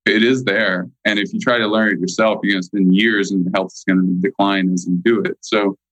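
A man speaking as a nutrition guest in a casual interview, emphatic and slowing down to stress key points. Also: on the low side, steady tone, fairly bright tone, dry recording, low-quality recording.

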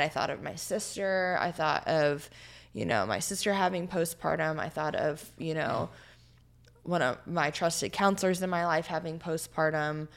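A woman's voice: deep voice, normal speed, vocal fry. A woman in her twenties tells a story in a casual interview, earnest and heartfelt, with many "like" and "you know" fillers. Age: 20s. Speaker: podcast guest.

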